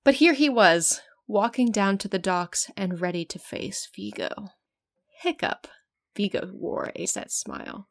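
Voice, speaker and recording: A woman's voice: medium pitch, animated, measured pace. Giggly woman reading a story aloud. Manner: giggly, breaks off to joke about the text. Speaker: fan fiction reader.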